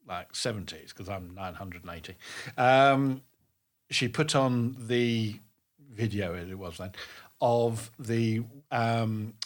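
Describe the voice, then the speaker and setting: A man in his fifties talks through his acting life in a relaxed interview. He is emphatic and animated, often restarting his sentences as he goes. His voice sits at an ordinary middle pitch. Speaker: drama tutor and guest. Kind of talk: casual interview storytelling.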